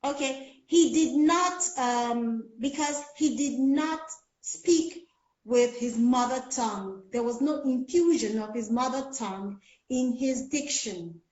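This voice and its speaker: A woman's voice: on the high side, slow, a little mellow. A Nigerian woman coaching on speech and pronunciation in a casual talk, explaining with many fillers. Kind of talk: casual chat on a call. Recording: echoey lo-fi call audio.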